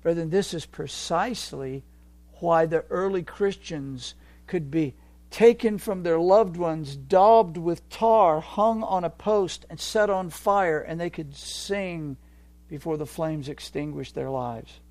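A man preaching a sermon, moving from quiet reflection to loud, fervent exhortation. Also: on the high side, slow, dry recording.

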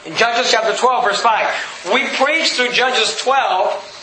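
A pastor teaching a sermon like a Bible study, reading scripture aloud and restating it casually with frequent check-ins. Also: male voice, very high voice, slow pace, pushed and bright. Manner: reads scripture aloud, then restates it conversationally with frequent "okay?". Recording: echoey room, faint background noise.

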